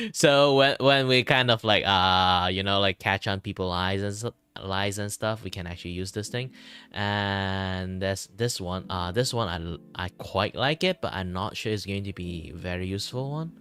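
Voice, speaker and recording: A man's voice: deep voice, normal speed, bright, forceful tone. A man from Malaysia with a Malaysian English accent, chatting casually on a stream, rambling and chuckling often. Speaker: vtuber streamer. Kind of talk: casual chat while drawing on stream. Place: his own room at home.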